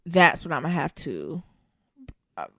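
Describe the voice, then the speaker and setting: A woman's voice: deep voice, very animated, normal speed, dry recording, clean studio sound. A woman co-hosting a podcast, talking candidly and animatedly, often turning to speak straight to her listeners. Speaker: podcast co-host. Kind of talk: casual chat.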